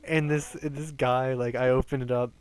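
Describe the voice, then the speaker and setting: A man in his twenties telling rambling work stories on a game stream, animated, swearing often and stumbling over restarts. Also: mid-range voice, moderate pace, smooth. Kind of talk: casual storytelling while gaming.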